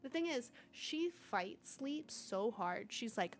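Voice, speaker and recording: Chatty high-voiced woman live-coding streamer. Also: takes it slowly, slight background noise. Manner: animated storyteller, chatty, lively asides. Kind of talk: casual chat while coding.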